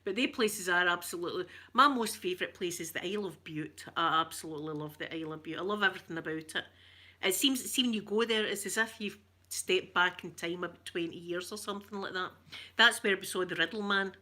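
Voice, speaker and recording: A woman with a broad Glaswegian accent hosts a casual chat with her viewers. Her voice is bright and sharp, and she wanders from story to story with easy, self-mocking laughs. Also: lowish voice, quick pace. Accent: Glaswegian Scottish. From Glasgow, Scotland. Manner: rambling and chatty, laughs often, self-mocking. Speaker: ASMR channel host reading viewer comments.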